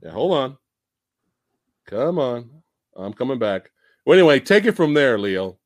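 A young man hosting a casual movie review livestream, excitedly acting out scenes, laughing and swearing as he talks. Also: mid-range voice, unhurried, dry recording, clean studio sound. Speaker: host of a movie review stream. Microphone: home streaming setup with camera.

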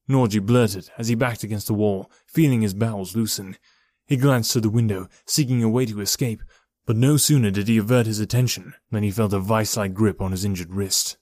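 Low-voiced man narrating a horror story. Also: brisk, a little mellow, no echo, studio quality. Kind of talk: scripted horror audiobook narration.

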